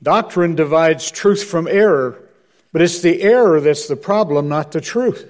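A man's voice: on the high side, animated, unhurried. Man preaching a humorous, emphatic sermon. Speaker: guest preacher.

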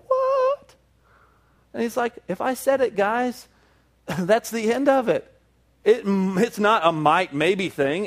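A male pastor preaching a sermon to a congregation, building to emphatic peaks with repeated phrases. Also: high-pitched.

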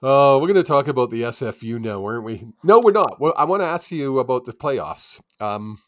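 A man's voice: medium pitch, lively intonation, fairly quick, a bit bright, no echo, studio quality. A man co-hosting a sports podcast, talking casually with teasing banter. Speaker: podcast co-host.

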